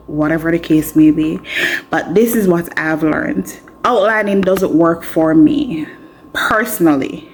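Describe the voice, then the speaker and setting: A woman with a Jamaican accent, a law student vlogger telling candid stories to the camera in a chatty, expressive, frank and self-mocking way. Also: low-pitched, measured pace, a little hiss or hum.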